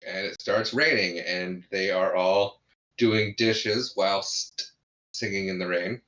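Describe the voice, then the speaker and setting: A man's voice: low-pitched, fairly even intonation, slow, bright, forceful tone, dull audio. A man co-hosting a podcast, recapping a movie in casual chat and laughing often as he tells the scenes. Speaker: podcast co-host.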